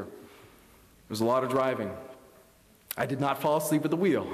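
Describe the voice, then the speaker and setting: A young man from Canada preaches in a church sanctuary, his fairly high voice ringing through a roomy hall with a long reverb tail. He tells his story in a sermon, swinging between loud bursts and hushed near-whispers.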